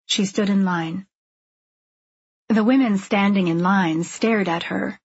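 A woman narrating a novel in a steady, measured and subdued way. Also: medium pitch, breathy edge, no room sound, dull audio. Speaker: audiobook narrator. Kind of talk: scripted narration.

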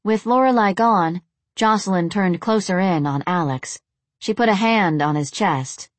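A woman narrating an audiobook in a steady, even storytelling voice. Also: mid-range voice, unhurried, no echo.

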